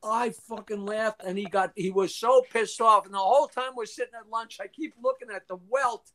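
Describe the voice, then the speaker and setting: A man's voice: sits high, normal speed, pushed and bright, slight background noise. Older man telling rambling showbiz stories. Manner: rambling anecdotes with restarts and quoted voices; profane, frequently clears throat. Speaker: interview guest. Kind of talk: casual storytelling interview.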